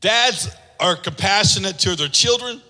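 A man's voice: sits high, lively intonation, measured pace, pushed and bright. A man preaching a sermon with impassioned, sung-out lines, acting out voices in his stories. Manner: acts out voices in anecdotes. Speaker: pastor. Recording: long hall reverb.

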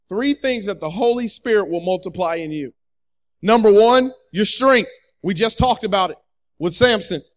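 A man preaching a sermon with energetic call-and-response, repeating his key phrases and urging the congregation to answer back. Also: high voice.

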